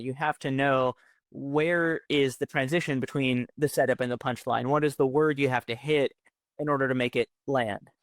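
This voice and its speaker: A man's voice: medium pitch, dry recording. A man, a former speechwriter, explaining how jokes work in an interview, often ending points with rhetorical questions. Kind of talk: interview recollection.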